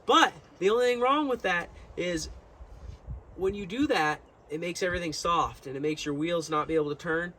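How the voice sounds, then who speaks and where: A man's voice: sits high, normal speed, bright, forceful tone, slight background noise. A young man telling a long story to his viewers in a casual, rambling way, full of fillers and restarts. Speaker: vlogger.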